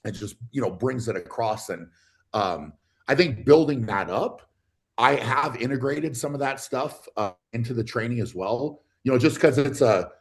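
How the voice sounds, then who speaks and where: A man talking easily as a guest on a livestream. His voice sits at an ordinary middle pitch. He speaks in a loose, halting way, full of fillers and restarts. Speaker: guest athlete. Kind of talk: casual livestream chat.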